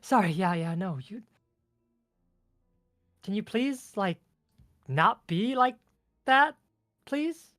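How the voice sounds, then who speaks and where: A man's voice: high voice, lively intonation, fairly bright tone, no room sound, clean studio sound, pitched above the performer's own voice, heavily acted. Emma, a pushy ice fairy done by a man. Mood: exasperated. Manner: pushy, exasperated, rapid-fire questions. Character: bossy young female ice fairy.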